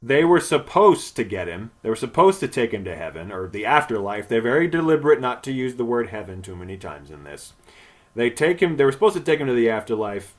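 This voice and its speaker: A man's voice: mid-range voice, big pitch swings, brisk. A male podcast host recapping a film in casual chat, crude and rambling, swearing often and laughing.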